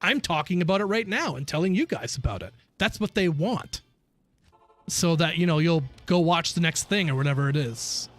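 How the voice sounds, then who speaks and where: A man hosting a casual game livestream, talking straight to his viewers in a loose, profane rant. His voice sits high for a man and bounces all over the place, animated and quick to laugh. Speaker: game streamer. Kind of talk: casual livestream chat while gaming.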